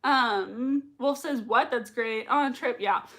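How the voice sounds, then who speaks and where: A young woman talks casually through a live watch party, her voice high and bright. She gushes over each comment, laughs easily, and fills her speech with loose fillers. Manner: gushing, quick to laugh, many fillers. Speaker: livestream reaction host.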